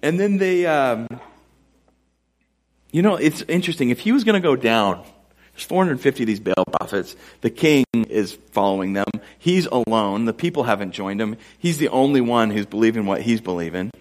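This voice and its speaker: A man's voice: mid-range voice, lively intonation, moderate pace. A man preaching a sermon to a live congregation, conversational and joking in his asides. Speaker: pastor. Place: church before a live congregation.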